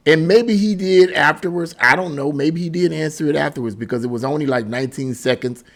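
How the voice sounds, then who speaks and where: A man's voice: fairly high pitch, brisk. Indignant male political commentator. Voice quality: emphatic, indignant, repeats himself. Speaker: political commentary channel host.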